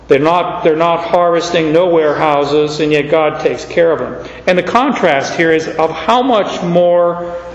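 A man with a fairly high voice preaches a relaxed, folksy sermon full of homey asides, stopping and restarting his sentences as he goes. His voice rings through a large, echoey hall with a long tail of reverb. The sound is a little dull. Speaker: pastor. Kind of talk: conversational sermon.

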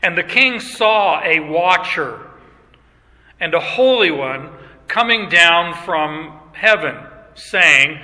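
A man preaching with a slow, deliberate pace and a bright, forceful edge to his voice. He reads scripture aloud and stops to explain it with emphasis. His voice rings with the long reverb of a large hall. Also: fairly high pitch, animated. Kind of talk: expository sermon.

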